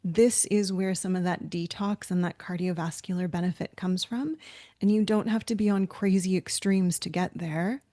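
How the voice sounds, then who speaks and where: A woman's voice: on the low side, fairly even intonation, normal speed, mellow, no room sound. A woman co-hosting a webinar, talking in a chatty, anecdotal way with frequent fillers and restarts. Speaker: webinar co-host. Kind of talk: conversational webinar discussion.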